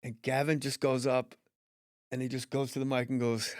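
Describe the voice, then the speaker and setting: A middle-aged man hosting a podcast, telling stories in a casual, profane, animated way on a close studio mic. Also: mid-range voice, moderate pace, dry recording. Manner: profane, animated storyteller who acts out voices. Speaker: podcast host. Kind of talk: casual storytelling chat.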